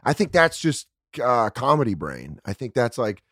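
A man's voice: medium pitch, sing-song, normal speed, a bit bright, no room sound, clean studio sound. A man hosting a comedy podcast, talking crudely and acting out quotes in silly voices. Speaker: podcast host. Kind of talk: casual comedy chat.

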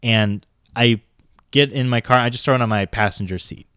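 Animated man telling a story, dry room. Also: mid-range voice, normal speed, smooth, no room sound. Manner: animated, laughs while telling stories. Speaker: podcast co-host. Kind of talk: casual storytelling chat.

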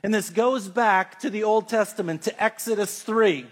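Telling Bible stories conversationally and reading scripture slowly, a man with a high voice preaches a sermon.

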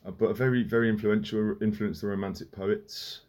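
A man co-hosting a podcast in casual chat, with a dry, understated manner that trails off quietly. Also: fairly low pitch, fairly even intonation, brisk. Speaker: podcast co-host.

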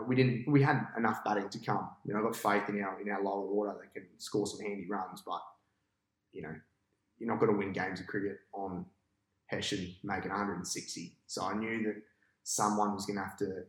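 Low-voiced man telling a cricket story. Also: echoey room, poor audio. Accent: Australian. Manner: animated storyteller, acts out his own past thoughts. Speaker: podcast guest, cricket captain. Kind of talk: casual storytelling interview.

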